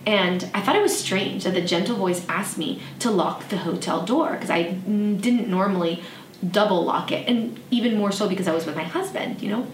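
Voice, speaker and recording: A woman hosting a podcast, telling a personal story in a soft, reflective way with frequent fillers. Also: medium pitch, normal speed. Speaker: podcast host. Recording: echoey room, slightly distant mic, faint noise.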